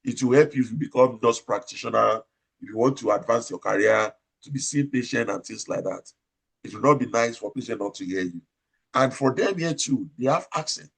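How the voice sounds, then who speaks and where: Loud, emphatic Nigerian man. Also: mid-range voice, brisk, gravelly, breathy edge. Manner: loud, emphatic, repeats points and asks rhetorical questions. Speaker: operating room nurse manager. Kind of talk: advice talk in an interview.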